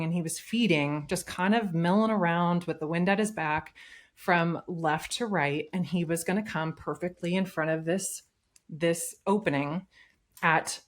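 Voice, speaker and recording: Lower-voiced woman telling a story. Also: measured pace. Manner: lively storyteller, often acts out quotes. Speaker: podcast guest. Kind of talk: casual storytelling.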